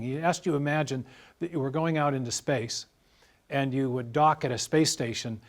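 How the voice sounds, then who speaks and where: A man as an interview guest, explaining carefully in a measured, lecturing way with worked examples. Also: mid-range voice. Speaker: guest scientist.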